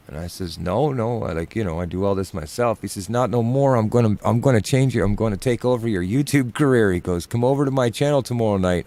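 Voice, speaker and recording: A man's voice: fairly low pitch, fast talker, hardly any pauses, a little mellow. A man who plays music, chatting casually on a live stream and telling a story with lots of fillers. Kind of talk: casual chat.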